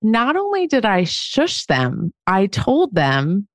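A woman's voice: mid-range voice, huge pitch swings, takes it slowly, no room sound. Candid woman in her forties, dry studio. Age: 40s. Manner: candid, self-mocking storytelling with frequent laughs. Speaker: podcast co-host. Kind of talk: casual chat.

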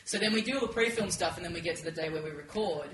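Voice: medium pitch, very fast. A podcaster telling a rambling comic anecdote, hesitant and full of fillers. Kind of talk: casual comedic anecdote. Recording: roomy, with crowd noise.

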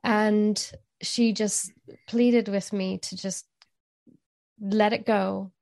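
A woman guest telling a personal story in an interview, candid and emotional, unhurried. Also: medium pitch, fairly even intonation, vocal fry, darkish tone, dry recording.

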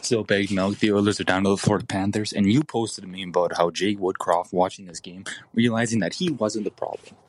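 Low-voiced man leaving a voicemail. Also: fairly even intonation, brisk, few pauses, no echo. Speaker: voicemail caller. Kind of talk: casual voicemail.

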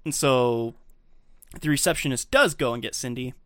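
A man's voice: medium pitch, normal speed, a bit bright, no room sound. A man co-hosting a podcast, casually retelling a film scene and acting out the quoted lines. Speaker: podcast co-host. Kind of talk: casual film recap chat.

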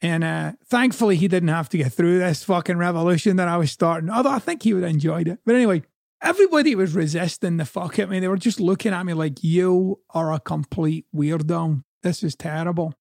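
A man's voice: high-pitched, animated, fast, vocal fry, darkish tone, no room sound, clean studio sound. A man from Scotland with a Scottish accent, a coach giving a blunt, profane, conversational motivational talk.

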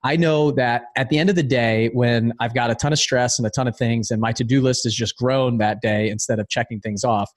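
A man in his thirties hosting a podcast, talking in a relatable way with halting restarts. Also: mid-range voice, fairly even intonation. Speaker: podcast host. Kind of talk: conversational interview.

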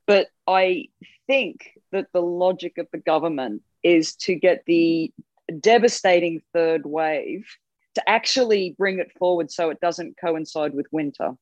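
A woman's voice: fairly low pitch, measured pace, a little mellow, no echo. An Australian woman comedian chatting as a guest, wry and laughing at her own bleak points. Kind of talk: casual comedic chat. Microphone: remote line from home. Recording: dull dry call line.

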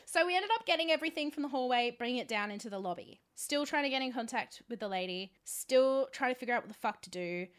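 Animated, swearing woman podcast co-host. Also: fairly high pitch, quick pace, hardly any pauses, smooth. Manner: animated, swearing, laughing, outraged outbursts. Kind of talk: casual storytelling chat.

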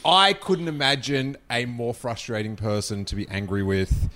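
A man's voice: medium pitch, normal speed, sharp tone. A man co-hosting a podcast, throwing in dry jokes. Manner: dry joking interjections. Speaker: podcast co-host. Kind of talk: casual comedy chat.

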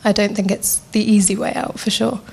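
A woman's voice: mid-range voice, flat delivery, fairly quick, gravelly, darkish tone, slightly rough. A young woman, a poet, speaking as a panel guest in a self-mocking, jokey way. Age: young adult. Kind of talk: panel discussion.

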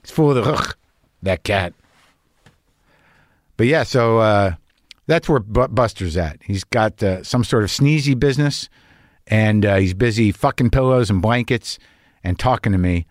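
A man's voice: fairly low pitch, a little slow, pauses often, dry recording, studio quality. A man hosting a podcast, talking in a rambling, anxious, profane comedic monologue. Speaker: podcast host.

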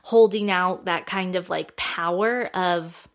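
A woman speaks slowly in a fairly low voice. She's a talk show host telling a story casually and chattily, with lots of fillers and little quotes she acts out in a raised voice.

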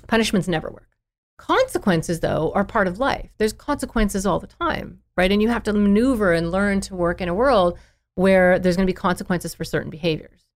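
On a podcast, a woman who works as a child therapist explains parenting with lots of animation, acting out both parents and kids. She talks a little fast in a medium-pitched voice.

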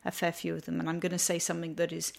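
A woman's voice: on the low side, monotone, racing, creaky. A woman from Britain, a crime writer being interviewed on a podcast, talking casually, laughing often and restarting her sentences.

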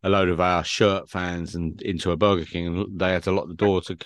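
Low-voiced man telling football stories. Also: flat delivery, fairly quick, no room sound. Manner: rambling anecdotal storytelling. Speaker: podcast co-host. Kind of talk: casual football fan chat.

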